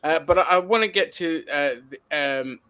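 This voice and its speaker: Blunt, fairly high-voiced man. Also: moderate pace, pushed and bright, smooth, dry recording. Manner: blunt, swears freely. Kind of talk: casual political discussion.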